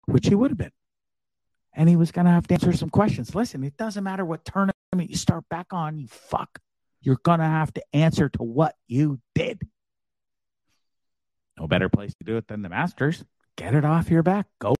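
Canadian-born male host, profane blustery rant with shouted bursts, dry sound. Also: medium pitch, dry recording. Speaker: show host. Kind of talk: ranting live show monologue.

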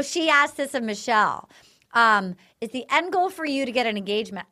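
Lively high-voiced woman hosting a podcast. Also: fairly quick. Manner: animated retelling with quoted dialogue and fillers. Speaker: podcast host. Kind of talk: casual chat recapping a TV episode.

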